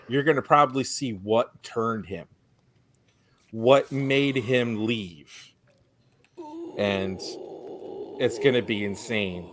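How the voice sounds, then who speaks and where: Lively man, podcast co-host, pitch all over the place, bone-dry close mic. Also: no echo. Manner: animated, stumbling restarts, excitable. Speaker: CEO and co-founder of an audio drama company. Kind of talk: casual podcast chat.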